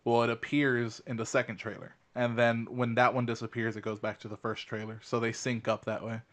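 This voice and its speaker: A man's voice: medium pitch, flat delivery, brisk, a bit bright. A man co-hosting a podcast, speculating in a rambling, casual way with many fillers. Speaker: podcast co-host. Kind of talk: casual chat.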